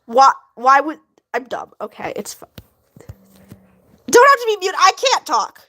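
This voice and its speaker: A woman chatting casually on a livestream, animated and quick to laugh, with a laugh that sounds like crying. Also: high-pitched. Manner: animated, laughs a lot, bursts into shouting. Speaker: livestream host.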